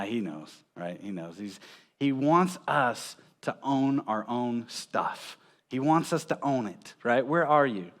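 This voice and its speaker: A man's voice: on the high side, fairly bright tone. A man preaching a conversational sermon in a church, telling stories with small chuckles and often checking in with "right?". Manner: chuckles between points. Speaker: pastor.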